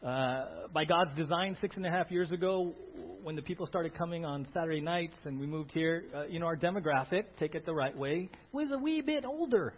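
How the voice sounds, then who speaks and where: A man working as a pastor, making an animated church announcement with plenty of fillers and restarts. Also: on the high side, brisk, few pauses, breathy edge. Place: church sanctuary. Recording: dull lo-fi church audio, faint hum.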